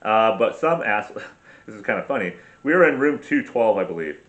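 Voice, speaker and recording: A man's voice: on the low side, very animated, normal speed, a bit bright, highs cut off. A middle-aged man from the United States telling a travel story in a casual vlog, profane and ranting, often cutting himself off. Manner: profane, ranting, self-interrupting. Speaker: travel vlogger.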